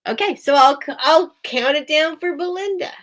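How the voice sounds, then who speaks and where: A woman's voice: high-pitched, moderate pace, fairly bright tone. A woman hosting a casual live-stream sale from a small room at home, chatty and easily distracted, laughing often. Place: small room at home with a towel under the door.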